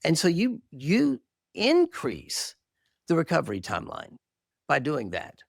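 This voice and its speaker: A gravelly, rather high male voice speaks at a measured pace in a dry, studio-quality recording. He's a middle-aged marriage therapist candidly telling his story in an interview, animated and earnest with self-deprecating laughter.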